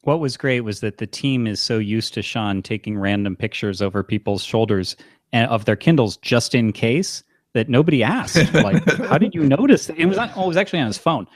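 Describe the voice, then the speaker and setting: A man chatting on a podcast in an enthusiastic, teasing way, with quick quips. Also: mid-range voice, no echo, clean studio sound. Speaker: podcast co-host or guest. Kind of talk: casual chat.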